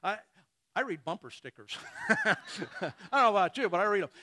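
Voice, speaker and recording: A man's voice: high-pitched, wildly swooping pitch, moderate pace, sharp tone. A man preaching a sermon who acts out imagined dialogues and chuckles between points.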